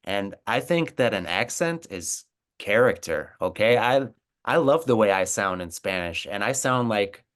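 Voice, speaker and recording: Earnest American man, smooth low voice. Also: lively intonation, a little slow, a bit bright. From United States. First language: English. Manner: earnest, encouraging, repeats words. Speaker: co-host, language teacher. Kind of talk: casual conversation.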